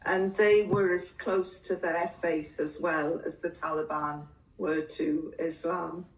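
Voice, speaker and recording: An older woman from England, a guest in an interview, telling her story in a slow, measured way with the odd laugh. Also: fairly low pitch, steady tone, roomy sound, far from the mic, rough recording.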